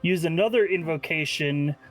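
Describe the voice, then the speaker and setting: A man's voice: fairly high pitch, normal speed, soft background music. Casual, swearing man playing a tabletop game. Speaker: player. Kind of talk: playing a tabletop game, explaining his rolls.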